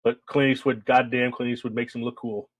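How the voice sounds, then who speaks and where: A man's voice: medium pitch, level tone, a little fast, no echo, dull audio. A man co-hosting a casual film podcast, laughing often and chatting loosely. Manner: laughs often, puts on quoted voices. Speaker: podcast co-host. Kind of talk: casual chat.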